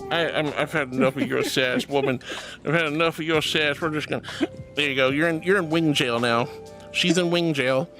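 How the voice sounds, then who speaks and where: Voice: a little fast, soft background music. A streamer chatting casually and reading out viewer messages, calling everyone sweetie and honey. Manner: animated, jumps between high squeals and low mutters.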